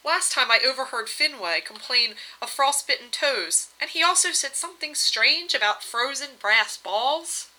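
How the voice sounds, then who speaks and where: A woman reading aloud, voicing a regal goddess wife who is doting but reproachful, in a bright voice. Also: sits high, lively intonation, a little slow, few pauses, pitched above the performer's own voice, exaggerated voice, low-quality recording. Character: regal goddess wife, fussy and sweetly demanding.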